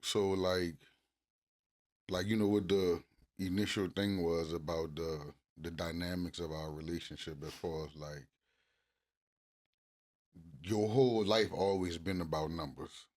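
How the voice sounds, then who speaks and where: A man co-hosting a couples podcast, talking casually and cursing freely, getting loud and animated when he acts out arguments. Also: low-pitched, measured pace, pauses often. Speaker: podcast co-host.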